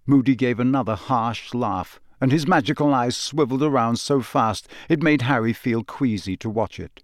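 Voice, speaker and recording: Man, storybook narrator, steady measured reading, mid pitch, dry close sound. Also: no echo. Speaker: audiobook narrator.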